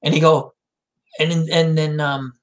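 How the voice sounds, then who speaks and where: Man, casual chat, animated storyteller, acts out film quotes. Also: a little high, unhurried. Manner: animated, retells film scenes with quoted lines. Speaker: co-host.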